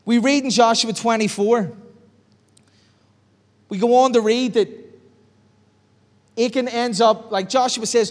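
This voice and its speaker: A man preaching a sermon as pastor, animated, acting out bits of dialogue in different voices. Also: very high-pitched, moderate pace, long pauses. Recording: long hall reverb.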